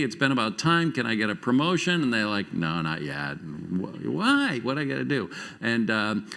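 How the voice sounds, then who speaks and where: A middle-aged man giving a conference talk on stage to a live audience, telling stories with quick shifts in loudness and pace. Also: medium pitch. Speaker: conference speaker.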